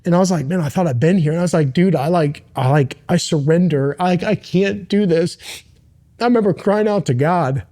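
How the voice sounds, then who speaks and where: Middle-aged American man, interview guest, slightly high, mellow voice, halting, earnest storytelling. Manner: halting, earnest, many restarts. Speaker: interview guest, former Navy SEAL. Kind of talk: candid personal storytelling.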